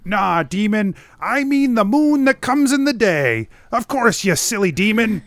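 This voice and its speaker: A man's voice: high voice, sing-song, measured pace, fairly bright tone, dry recording, clean studio sound, pitched above the performer's own voice, exaggerated voice. A man voicing a suspicious backwoods hermit who snaps at strangers in folksy grammar. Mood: accusing. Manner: gruff, distrustful, folksy grammar. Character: suspicious rustic hermit man who calls everyone demon.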